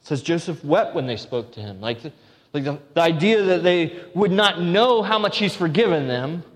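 Earnest male preacher in a reverberant hall. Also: sits high. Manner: earnest, with restarts and emphatic repetition. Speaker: pastor. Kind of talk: sermon.

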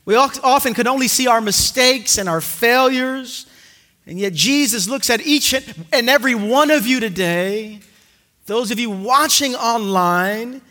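A male pastor preaching a sermon in a church, earnest and emphatic, slowing down to stretch out key phrases. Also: extremely high pitch, sharp tone. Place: church sanctuary.

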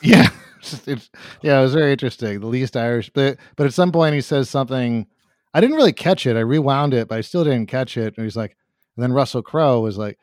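A man's voice: medium pitch, animated, brisk, darkish tone, dry recording, studio quality. A man hosting a casual movie podcast, rambling with many fillers and restarts.

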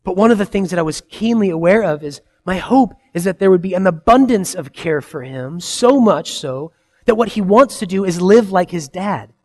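A man in his thirties preaching a sermon, earnest and conversational, swinging between loud emphasis and soft, quiet asides. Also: high-pitched, expressive, moderate pace. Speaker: pastor.

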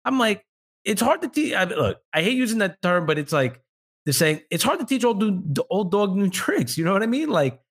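A man's voice: high-pitched, sing-song, brisk. A man in a casual podcast chat, talking bluntly and swearing casually.

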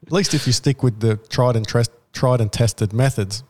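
Easygoing man with a mellow voice. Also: mid-range voice, fairly even intonation, normal speed, a little hiss or hum. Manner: easygoing, agreeable, with nonstandard grammar. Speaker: software developer. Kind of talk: casual chat.

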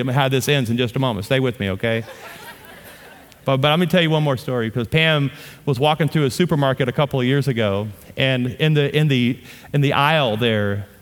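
Man preaching in a hall. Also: fairly high pitch. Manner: storytelling, animated, swings from loud to hushed. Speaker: pastor. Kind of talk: sermon.

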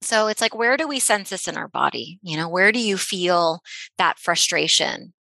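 Woman therapist, gentle and encouraging instructional talk, bright tone, dry sound. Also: fairly low pitch, animated, normal speed, creaky, no room sound, poor audio. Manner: gentle, encouraging, repeats words, many "you know"s. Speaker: therapist teaching a technique.

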